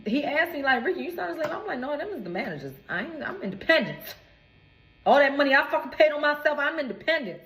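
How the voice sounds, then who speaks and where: High-pitched woman in her twenties, swearing and indignant, storytime rant in an echoey room. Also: very animated, quick pace, fairly bright tone, slight background noise. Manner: profane, indignant, emphatic. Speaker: recording artist.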